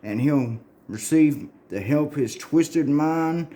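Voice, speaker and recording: A man voicing a stiff, moralizing middle-aged male superhero from a comic, speaking in a measured, lecturing way. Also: a little high, dark tone. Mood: preachy.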